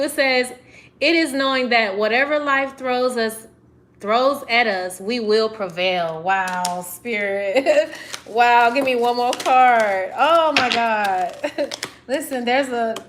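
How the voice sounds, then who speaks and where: A woman's voice: high voice, noisy background. A woman reading tarot cards on a livestream, talking effusively and getting emotional. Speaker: tarot reader.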